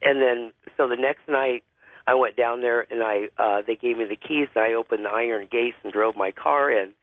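A man with a deep voice and a cold, calling in to tell a spooky story, halting with lots of fillers. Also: no echo. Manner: halting, many fillers and restarts. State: has a cold. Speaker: caller. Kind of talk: phone-in ghost story. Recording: phone line.

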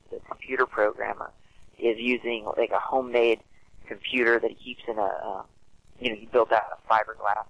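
A man's voice: medium pitch, fairly bright tone, dry recording, poor audio. A man in casual conversation, giving earnest opinions on a film with frequent hesitations and restarts.

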